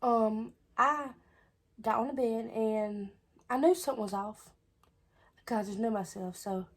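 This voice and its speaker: A woman's voice: fairly high pitch, a little slow. A young woman, chattily telling a personal story on her vlog. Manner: chatty, repeats "I was like". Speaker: vlogger. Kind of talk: casual storytelling.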